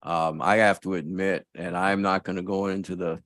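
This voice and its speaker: A man's voice: deep voice, fairly even intonation, normal speed, a bit bright, no echo, studio quality. A man in his seventies, a board member, giving unprepared remarks at a board meeting, rambling and stopping to search for words. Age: 70s.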